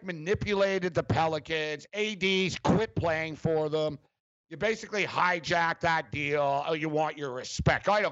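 A man's voice: sits high, fairly bright tone, no echo, highs cut off. A man hosting a sports talk radio show, ranting sarcastically with lots of fillers.

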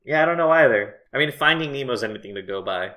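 A man co-hosting a podcast in casual chat, animated, swearing casually and laughing often. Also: medium pitch, fast talker. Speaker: podcast co-host.

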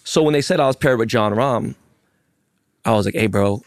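A man co-hosting a golf podcast, telling animated stories and acting out the lines of the people in them. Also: mid-range voice, fairly quick, no echo, clean studio sound. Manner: animated storyteller acting out quotes. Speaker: podcast co-host. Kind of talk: casual storytelling. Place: golf course.

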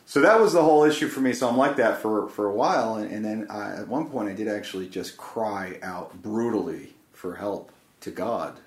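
A man telling a personal story in a reflective, casual conversation, speaking haltingly, often repeating words. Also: fairly low pitch. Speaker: podcast guest. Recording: roomy echo.

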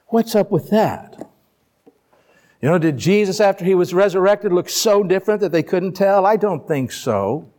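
A man's voice: high voice, animated, moderate pace, a little mellow. A man preaching a sermon to a congregation, reading scripture aloud and explaining it in a conversational way, with rhetorical questions and playful asides. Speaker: pastor. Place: church before a live congregation.

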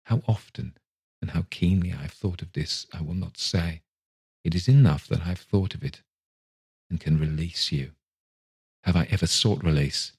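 A man reads the part of a young woman speaking softly and with quiet steadiness, hurt but composed. The voice stays low and strikingly smooth, a storybook reading. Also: moderate pace, long pauses, exaggerated voice. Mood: gently sorrowful. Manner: soft and gentle, steady. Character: gentle young woman releasing her sweetheart.

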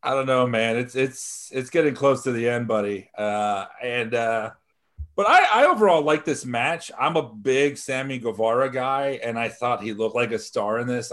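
A man's voice: medium pitch, fairly bright tone. A man co-hosting a comedy wrestling podcast, laid-back and joking, with some swearing. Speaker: podcast co-host. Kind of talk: casual comedy podcast chat.

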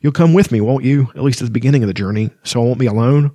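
A man voicing a gruff, fond old male dwarf near death, reading from a fantasy novel. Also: mid-range voice, rapid-fire, mellow, dry recording, natural voice. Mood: tender farewell. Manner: gruff, tender.

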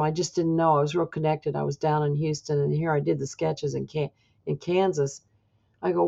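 An older woman tells a story from her own life, voicing the people in it. Her voice is low and gravelly. The interview audio is dull and lo-fi. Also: fairly quick. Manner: animated storytelling, quotes others in raised voice. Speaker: interviewee, forensic sketch artist. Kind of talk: recorded interview recollection.

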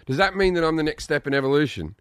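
Male guest, mid voice, animated and jokey, dry room. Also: on the high side, quick pace, clean tone, no room sound. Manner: animated, playful banter. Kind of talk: casual chat.

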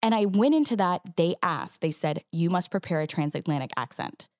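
A woman actress talking as a guest in a casual interview. Her voice sits a little low, and she tells her stories with animated energy and quick restarts. The sound is close and dry, with no room around it. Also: no room sound.

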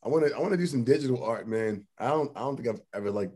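A man's voice: medium pitch, racing, warm tone. Jokey man on a podcast. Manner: jokey, laughs often, trails off into mumbling. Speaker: podcast co-host. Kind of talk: casual chat.

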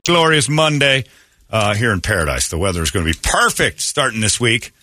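A man hosting a casual morning radio show, telling animated stories and acting out quotes in a raised voice. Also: fairly low pitch, a little fast, soft background music.

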